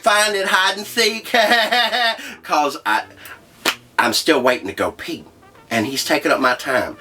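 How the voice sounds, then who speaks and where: A man hosting a comedy show, telling a profane story in a brash, loud way. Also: medium pitch. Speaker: host. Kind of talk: comedic monologue.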